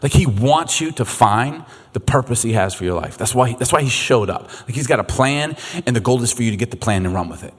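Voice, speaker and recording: A middle-aged male pastor preaching in a chatty, animated way, his pitch leaping around as he acts out little voices. His tone is a touch husky. The sound carries a long reverb from a large hall. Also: brisk, hardly any pauses. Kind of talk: sermon. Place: church sanctuary.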